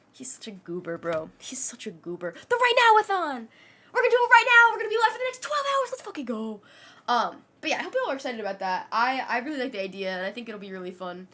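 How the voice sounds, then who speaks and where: A woman's voice: a little high, fairly bright tone. A young adult woman streamer chatting casually with her audience and talking sweetly to her cat. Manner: chatty, talks baby-talk to her cat.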